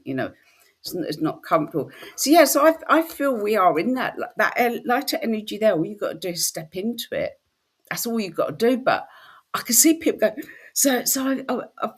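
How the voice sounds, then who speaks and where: Husky, animated woman in casual chat. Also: on the low side. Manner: animated storytelling, slips into quoted voices. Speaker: spiritual workshop host.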